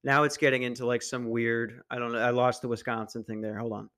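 A man's voice: medium pitch, flat delivery, brisk, a bit bright. A young man hosting a podcast, ranting casually in a crude, meandering and sarcastic way. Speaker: podcast host. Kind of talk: casual rant.

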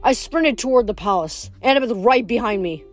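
A woman reading a novel aloud in steady narration, now and then stumbling over a word. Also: fairly high pitch, brisk, soft background music. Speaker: reader.

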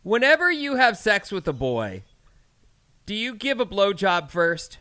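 A man co-hosting a comedy show, teasing his guests and quick to laugh. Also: sits high, huge pitch swings, sharp tone. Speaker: co-host. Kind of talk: comedic casual chat.

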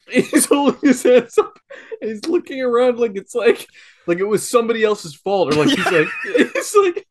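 A man's voice: extremely high pitch, normal speed, a little hiss or hum. A man co-hosting a casual comedy podcast, rambling and swearing, often breaking into helpless giggling fits. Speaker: podcast co-host.

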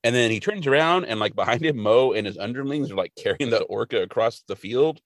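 A man's voice: medium pitch, brisk, no echo. A man co-hosting a podcast, retelling an episode casually and acting out the quotes. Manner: animated storytelling, acting out quotes. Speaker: podcast co-host.

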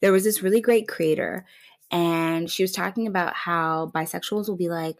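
A young woman hosting a podcast on her own, telling a story in a casual, playful way and jumping high in pitch when she quotes people. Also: normal speed. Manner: animated, playful, swoops high for quoted voices. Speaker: podcast host.

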